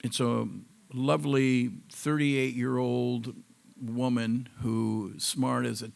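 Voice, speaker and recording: Speaking slowly in a level, creaky, medium-pitched voice, a cancer survivor shares his personal testimonial with a live crowd. He tells it like a casual story, wandering off on tangents along the way.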